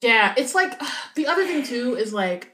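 A woman co-hosts a podcast, her voice pitched high and sing-song, pushed and bright, moving at a moderate pace. She chats casually, says "like" a lot, and swears offhandedly. The room has an echo, with a slight hiss or hum.

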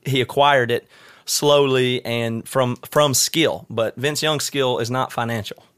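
A man's voice: medium pitch, a little slow, a bit bright, clear, resonant tone, no room sound, clean studio sound. A man co-hosting a podcast who argues his point in casual chat, building it up with sports comparisons. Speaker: podcast co-host.

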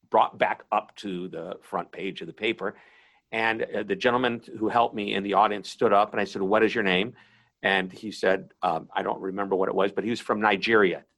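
A man's voice: on the low side, fairly bright tone. A man hosting the talk, telling a rambling, self-deprecating story in a casual way.

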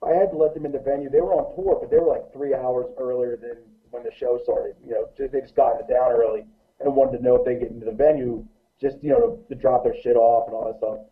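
Man, casual storyteller, swears a lot, animated, phone-quality sound. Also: mid-range voice, fast. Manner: animated, profane anecdote-telling. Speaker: guest musician. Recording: tinny phone-like line.

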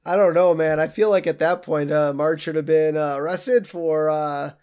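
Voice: mid-range voice, steady tone, moderate pace, a little mellow, clear, resonant tone. A podcast co-host in casual chat who laughs often and jokes about the episode.

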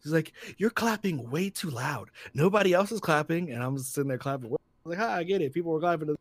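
Animated man telling stories, dry close sound. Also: a little high, fast talker, no room sound. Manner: animated storyteller acting out quotes in loud voices. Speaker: podcast co-host. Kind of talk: casual chat.

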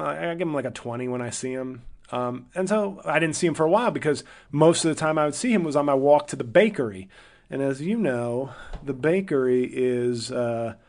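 A man at a middle pitch hosts his podcast with a loose, conversational story. He wanders through his thoughts, restarting and correcting himself as he goes. His voice lifts and brightens whenever he quotes someone. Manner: rambling, self-correcting, thinks aloud; livelier and higher when quoting people. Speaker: podcast host. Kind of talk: casual storytelling monologue.

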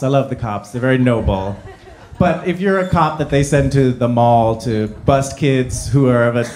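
A man from New Jersey telling a personal story live, self-deprecating and halting with many fillers. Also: medium pitch, a little mellow.

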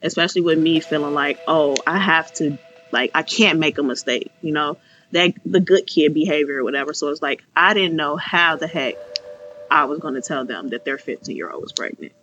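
Candid woman with a bright, forceful voice. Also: sits low, a little fast. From Chicago. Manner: candid, filler-heavy, acts out her own past thoughts. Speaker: young mother sharing her story. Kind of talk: personal storytelling. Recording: slightly muffled, faint music behind.

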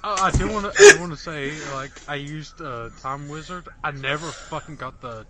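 A man's voice: fairly high pitch, animated, moderate pace, a crowd in the background. A young man co-hosting a podcast in casual chat, loose, teasing and swearing freely. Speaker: podcast co-host.

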